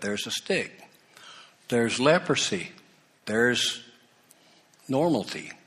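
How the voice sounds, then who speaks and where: A male preacher delivering a sermon at an unhurried, deliberate pace, with a forceful, bright tone. He speaks conversationally, dropping asides and repeating key words for emphasis. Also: mid-range voice. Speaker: pastor.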